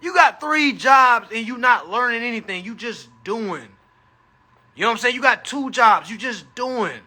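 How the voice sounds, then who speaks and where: A man with a high, very bright voice, talking on a live stream. His tone is husky and a little rough. He speaks casually and animatedly, with plenty of profanity and a preachy tone. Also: expressive, moderate pace.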